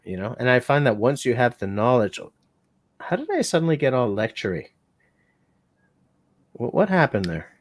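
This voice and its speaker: A man's voice: medium pitch, very animated, moderate pace, pauses often, no room sound. A man hosting a casual bushcraft livestream, talking in a rambling, joking, self-mocking way. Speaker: bushcraft channel host.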